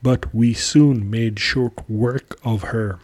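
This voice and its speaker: Two loyal hunting dogs speak calmly and plainly in a storybook tale, as a male narrator puts them on. The delivery is slow and steady. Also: medium pitch, no room sound.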